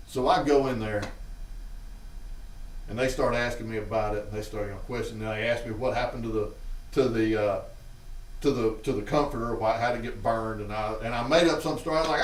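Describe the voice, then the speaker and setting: A man's voice: mid-range voice, moderate pace, far from the mic. A man with a Southern Alabama accent hosts a show and casually tells childhood stories to a live chat. He acts out what his family members said. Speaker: host. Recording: roomy, off-mic sound.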